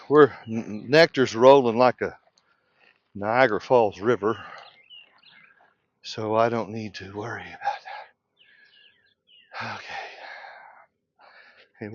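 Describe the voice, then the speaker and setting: A male beekeeper teaching casually while working in his apiary, thinking aloud in an unhurried way and often clearing his throat. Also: mid-range voice, no room sound, muffled recording. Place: outdoor apiary.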